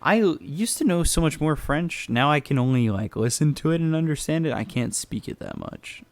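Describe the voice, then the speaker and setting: A man's voice: fairly high pitch, huge pitch swings, moderate pace, gravelly. A man, doing laid-back and chatty commentary on an esports match. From United States. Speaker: esports caster. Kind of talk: casual play-by-play commentary.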